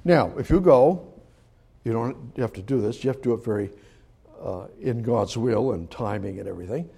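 A man preaching a sermon on scripture, emphatic and repetitive, swinging from loud pleas to quiet asides. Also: mid-range voice, moderate pace, creaky, husky.

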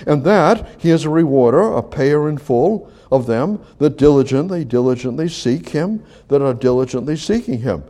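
A man preaching a sermon who teaches conversationally, repeats his phrases, and swings from loud emphasis to quiet asides. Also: fairly high pitch, lively intonation, normal speed, hardly any pauses.

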